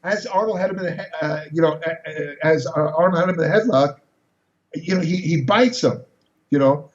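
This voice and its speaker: A man's voice: fairly high pitch, fairly quick. A man in his sixties, a podcast guest, telling casual anecdotes in a rambling way, full of restarts and fillers. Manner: rambling storyteller with many restarts. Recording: distant roomy dull recording.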